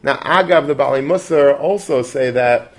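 A man's voice: mid-range voice, moderate pace. A man teaching a Torah class in a conversational way, dropping Yiddish and Hebrew terms and restarting often.

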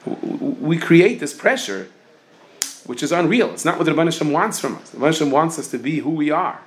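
A man with a fairly high voice leads an informal Torah class at a slightly quick clip. He tells lively stories and jokes, mixing in Hebrew and Yiddish terms.

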